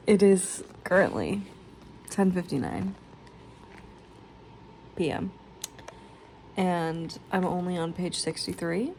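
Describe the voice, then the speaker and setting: A young woman with a lowish voice, vlogging in a tired, low-key way. She chats casually, mumbles a little and trails off. A faint hiss sits under the recording. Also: slow, pauses often, a little mellow. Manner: chatty and rambling, with fillers. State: out of breath. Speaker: booktube vlogger. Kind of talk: casual vlog chat.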